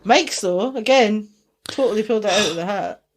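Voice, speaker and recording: A woman's voice: medium pitch, moderate pace, a loud crowd. A Scottish woman from Dundee, with a Dundonian accent touched by Geordie, co-hosting a podcast in casual, sweary, rambling chat and laughing often. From Scotland. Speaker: podcast co-host.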